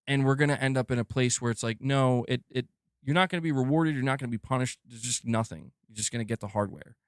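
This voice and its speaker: A man's voice: mid-range voice, fast talker, clear, resonant tone, no room sound, studio quality. A man hosting a gaming news stream, ranting in a casual, rambling way full of "like" and the odd curse word. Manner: rambling, animated, peppered with "like" and casual swearing. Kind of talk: casual opinion rant on a live stream.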